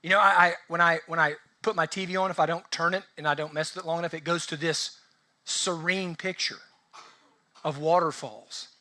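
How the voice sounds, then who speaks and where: A man preaching a casual, conversational sermon as pastor, asking the congregation lively rhetorical questions. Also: fairly high pitch, a little fast.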